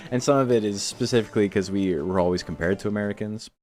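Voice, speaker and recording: A man with a low voice chats loosely while hosting a game tournament stream, drifting between stories, swearing and laughing. Faint music plays quietly behind him. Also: fast talker. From Toronto, Canada. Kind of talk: casual chat between matches.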